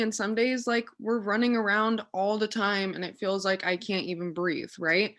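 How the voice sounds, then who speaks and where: A woman, a mother of two, speaking in a relaxed, encouraging way during a casual team chat. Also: mid-range voice.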